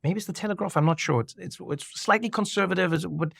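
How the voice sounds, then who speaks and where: A man talking casually on a podcast, an animated storyteller who acts out the people he quotes. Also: high voice, fast talker, vocal fry, no echo, clean studio sound. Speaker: podcast guest. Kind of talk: casual conversation.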